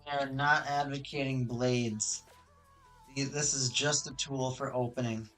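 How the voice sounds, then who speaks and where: Excitable streamer on a hot mic. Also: medium pitch, a little slow, soft background music. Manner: excitable and chatty, with frequent restarts and self-corrections. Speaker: card game streamer. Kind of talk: casual live-stream chat while opening card boxes. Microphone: hot desk microphone with high gain.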